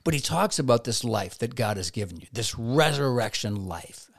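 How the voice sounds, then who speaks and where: A man's voice: mid-range voice, lively intonation, normal speed, fairly bright tone. Male therapist, mid-range voice, motivational faith talk, rhetorical questions, acts out quotes.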